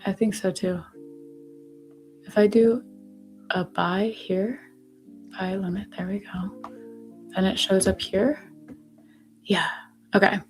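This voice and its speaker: A woman's voice: medium pitch, little pitch movement, slow pace, pauses often, faint music behind. A woman hosting a live trading stream, chatting casually and laughing often. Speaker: host.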